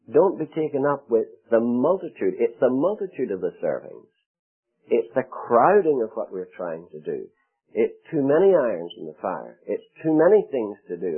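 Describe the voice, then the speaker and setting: A male preacher with a low, husky voice that rises and falls with great animation. He delivers his sermon with dramatic pauses and acts out the quotes. The sound is thin and tinny, like an old radio broadcast over a phone line.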